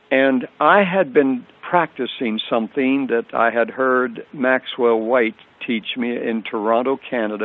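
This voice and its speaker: An older man giving an earnest personal faith testimony as a radio guest, telling his story with repeated phrases. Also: mid-range voice. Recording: tinny phone line on radio.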